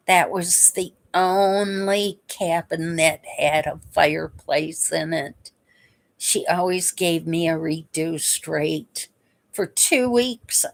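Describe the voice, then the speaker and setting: A woman telling stories from her past in a casual, unhurried way, chuckling now and then between memories. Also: fairly low pitch. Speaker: vlogger. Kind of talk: casual storytelling.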